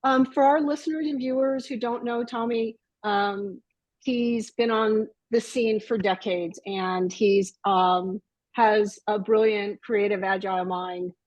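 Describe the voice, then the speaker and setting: A woman co-hosting a podcast, introducing the guest in a measured way. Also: medium pitch, fairly even intonation, a little mellow, no room sound, highs cut off. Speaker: podcast co-host. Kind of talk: casual podcast chat.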